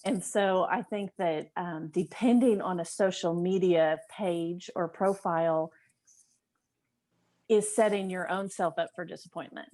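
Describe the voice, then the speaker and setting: A woman's voice: on the low side, measured pace, mellow. A woman on a panel discussion, speaking candidly and reflectively.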